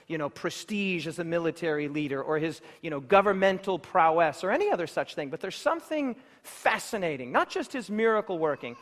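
A man preaching a sermon in an emphatic, rhetorical way, building his points through repeated phrases. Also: high voice. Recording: long hall reverb.

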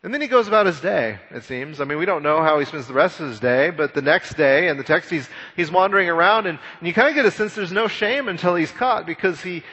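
A man preaching a sermon, retelling a scripture story in a conversational, animated way with frequent repeated words. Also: a little high, fast, hardly any pauses, slightly rough, big-room sound. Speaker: pastor.

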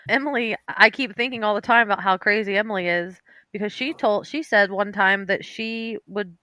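Young female co-host, teasing and curious, bright voice, dry recording. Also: medium pitch, normal speed, dry recording. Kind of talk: casual chat.

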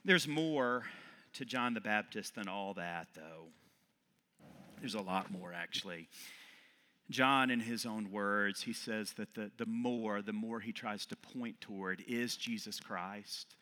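A middle-aged man, an Episcopal priest, preaching a sermon with loud emphatic peaks that fall back to quiet reflection. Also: on the low side, slow pace. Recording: long reverb of a large hall.

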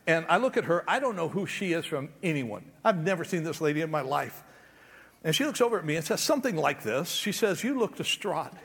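A man's voice: fairly high pitch, breathy edge. A man telling a personal story in a sermon, acting out the conversations as he goes. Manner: animated storyteller acting out dialogue. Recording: long reverb of a large hall.

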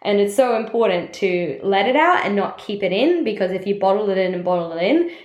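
A woman's voice: medium pitch, expressive, a little fast, muffled recording. Woman sharing candidly in a roomy space. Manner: candid, confessional, self-help phrasing with many "like" fillers. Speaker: network marketing team leader. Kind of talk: personal reflective monologue. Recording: roomy echo.

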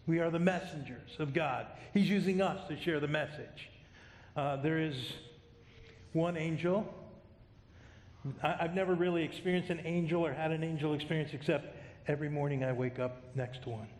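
Middle-aged male pastor, high voice, joking, conversational sermon, echoey hall. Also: steady tone, normal speed, a little mellow. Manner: conversational, self-deprecating humor.

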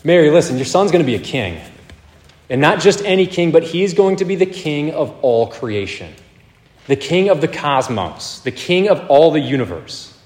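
A man's voice: a little high, animated, moderate pace, darkish tone. Preaching man in an echoey hall. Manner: earnest, emphatic preaching with swings in volume. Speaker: pastor. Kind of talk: sermon. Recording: echoey hall, long reverb.

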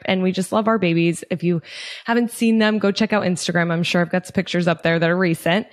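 A woman in her thirties talks casually on her podcast in a mid-range voice. She leans on "like" and "um" as she rambles through a personal story, and she turns animated whenever she quotes herself. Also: mid-range voice. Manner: chatty, heavy on fillers like "like" and "um"; animated when quoting herself. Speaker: podcast host.

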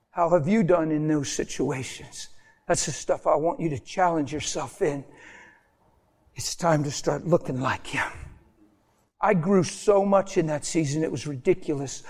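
A man preaching a sermon with passion, talking straight to his congregation and asking them questions. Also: a little high. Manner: passionate, swings from shouting to near whisper; talks to congregation directly, asks questions. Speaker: pastor.

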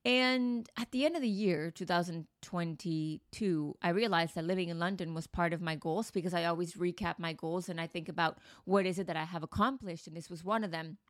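A woman's voice: on the low side, fairly quick, hardly any pauses, dry recording. Earnest woman podcaster, dry close sound. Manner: earnest, emotional, reflective. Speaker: podcast host and coach. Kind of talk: personal storytelling monologue.

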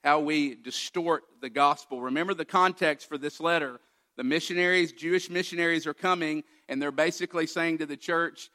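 A male pastor delivers a sermon with a bright, forceful tone pitched somewhat high. He speaks emphatically, walking listeners through the text and pressing them with rhetorical questions. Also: steady tone, normal speed.

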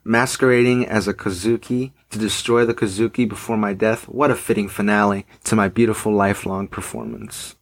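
A man's voice: lowish voice, little pitch movement, fairly quick, few pauses, lightly acted. A man reading a theatrical male villain's lines aloud from a comic, in a voice close to his own. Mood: gloating.

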